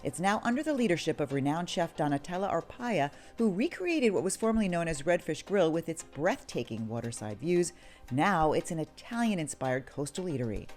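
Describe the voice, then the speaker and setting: A woman's voice: sits low, sing-song, brisk, a little mellow. A woman hosting a TV news food feature, narrating and tasting with upbeat relish. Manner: upbeat, savoring food descriptions. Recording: music bed under voice.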